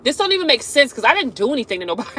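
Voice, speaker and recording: A woman's voice: high-pitched, sing-song, very fast, fairly bright tone, slightly rough. A woman hosting a casual live stream, talking straight to her viewers, laughing often and calling them back again and again. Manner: chatty, laughs often, keeps addressing viewers directly.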